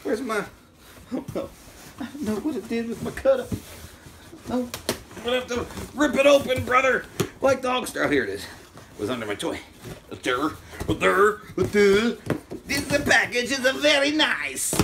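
An excitable man with a high voice that leaps all over the place, talking in an unhurried way between his outbursts. He hosts a vlog and reacts to every package with shouts and mutters. Faint noise sits behind his voice. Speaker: vlogger unboxing fan mail.

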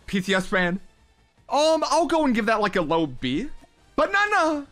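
A young man giving casual, excitable reaction commentary, ranking game emotes with lots of slang. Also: high-pitched, normal speed, soft background music. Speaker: gaming content creator.

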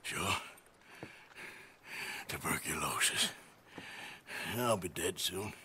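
An actor playing a gruff, worn male outlaw in a video game, talking tersely in a low drawl. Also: takes it slowly, pushed and bright, a little hiss or hum, heavily acted. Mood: grim. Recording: game soundtrack music behind.

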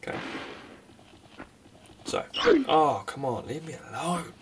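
A man's voice: mid-range voice, wildly swooping pitch, gravelly, recorded from a distance, heavy background noise. Sarcastic man narrating a game from afar. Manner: sarcastic, self-mocking, quick outbursts at the game. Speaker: gaming commentator. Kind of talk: let's play commentary.

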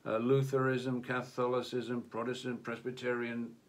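A man's voice: mid-range voice, flat delivery, moderate pace. A man co-hosting a casual talk on religion, speaking hesitantly with many restarts and fillers. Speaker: co-host of religion discussion. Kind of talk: casual discussion. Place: Japan.

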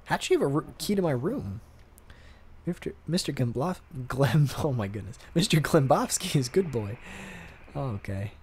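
A man's voice: medium pitch, big pitch swings, normal speed, darkish tone, slightly rough. A man casually commenting while playing a video game, chatting to himself about what happens on screen. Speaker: let's play host.

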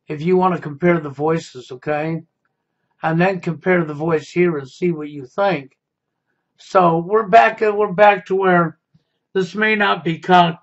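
Man, high voice, accusatory monologue, dull lo-fi recording. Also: a bit bright. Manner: confrontational, repeats "okay?". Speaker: YouTube commentator. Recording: dull lo-fi sound.

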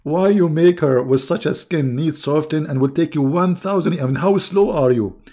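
A man's voice: fairly high pitch, moderate pace, warm tone. A man with an Arabic accent, hosting an online debate show and delivering a sarcastic, mocking commentary monologue full of laughter. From Arab world.

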